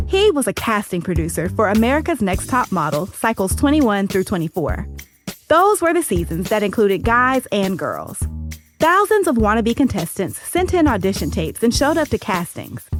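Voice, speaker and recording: A woman hosting and narrating a documentary-style podcast in a measured, storytelling way. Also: mid-range voice.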